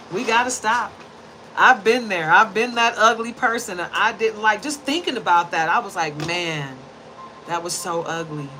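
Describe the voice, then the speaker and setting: Animated, bright-voiced woman telling a story. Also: a little hiss or hum, low-quality recording. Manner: animated, bursts loud when re-enacting, then drops low and earnest. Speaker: tarot reader. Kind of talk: casual storytelling to camera.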